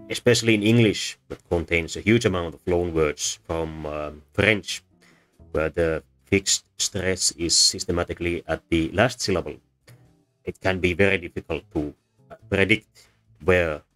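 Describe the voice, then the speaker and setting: A man with a very deep voice talks through a lesson in a thoughtful, halting way, pausing often with fillers. Soft instrumental music plays faintly behind him. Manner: thoughtful, hesitant with many fillers. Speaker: presenter. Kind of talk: unscripted explanatory lecture.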